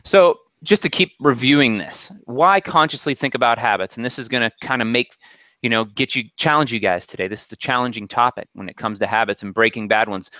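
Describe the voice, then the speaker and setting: A man giving a motivational talk over a video call, energetic and preachy, with many fillers. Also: mid-range voice, brisk, dry recording. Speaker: presenter.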